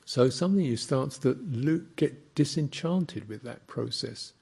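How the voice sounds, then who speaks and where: A male Buddhist teacher gives a dharma talk, very slow and reflective, with pauses between phrases. His voice sits a little low and has a husky, gravelly grain. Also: darkish tone.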